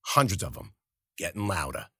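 A man's voice: low-pitched, big pitch swings, moderate pace. A man narrating a first-person story in a gritty, slangy, profane voice. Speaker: audiobook narrator.

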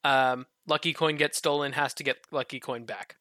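A man's voice: mid-range voice, steady tone, moderate pace, sharp tone, dry recording, clean studio sound. A young man co-hosting a podcast in casual chat, agreeable and a little cautious. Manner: cautious, agreeable, lots of mm-hmms. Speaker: podcast co-host.

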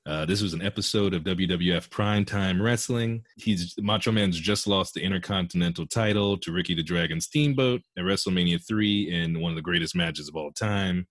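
A man's voice: sits low, brisk, few pauses, no room sound. A man hosting a casual comedic interview, asking questions with a straight face. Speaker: interview host.

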